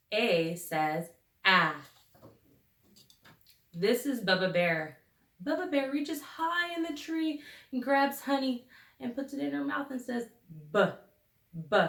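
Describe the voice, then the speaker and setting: A woman teacher leading a phonics lesson for young children, sounding out each letter slowly and deliberately. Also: a little high. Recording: echoey room, recorded from a distance.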